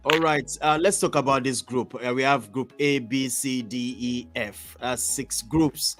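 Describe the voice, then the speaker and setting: Man, talk show host, mid pitch, easy conversational moderating, faint music. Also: unhurried, fairly bright tone. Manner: conversational, moderating, reading out lists. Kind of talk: sports talk show hosting.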